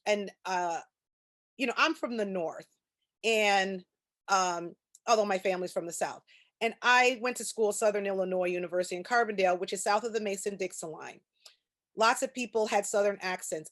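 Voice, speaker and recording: A woman presenting a training session over a video call, explaining ideas through personal anecdotes. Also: medium pitch. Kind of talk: conversational lecture.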